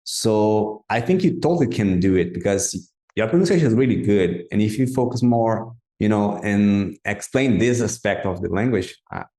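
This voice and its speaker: Lower-voiced man, halting learner's English, roomy echo. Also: lively intonation, mellow. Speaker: podcast host, interviewer. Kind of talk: casual interview chat.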